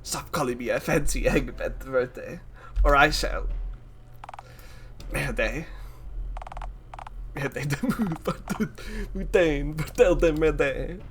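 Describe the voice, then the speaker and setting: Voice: mid-range voice, drawn-out words, pauses often, slight background noise. A streamer voicing a grumpy male French tech repairman in a clumsy mock-French manner, reading a game aloud. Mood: irritated.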